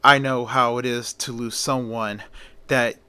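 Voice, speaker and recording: A man doing a soft-spoken kindly widower. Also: medium pitch, level tone, unhurried, smooth. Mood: consoling. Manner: soft, consoling. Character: kind older widower.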